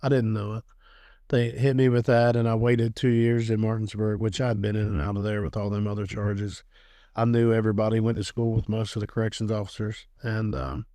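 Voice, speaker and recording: A middle-aged man with a fairly low, mellow voice tells his life story as a testimony guest, recorded dry with clean studio sound. He rambles casually, laughs often, and acts out what other people said.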